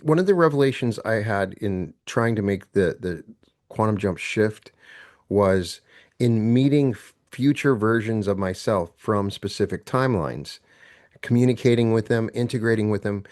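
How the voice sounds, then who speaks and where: A man's voice: lowish voice, a little mellow. A male podcast host asking a long, thoughtful question with small halts and restarts. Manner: thoughtful, slightly halting. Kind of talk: interview questions.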